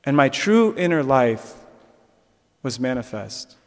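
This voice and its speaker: A man's voice: mid-range voice, slow pace, big-room sound. A young man giving a conversational sermon reflection, with fillers and restarts. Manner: conversational, with fillers and restarts, animated when telling stories. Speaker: preacher.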